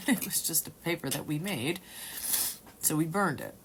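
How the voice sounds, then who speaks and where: A woman at home telling a personal story in a rambling, halting way, sometimes dropping to a whisper. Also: low-pitched, expressive, slight background noise. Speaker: testimony speaker.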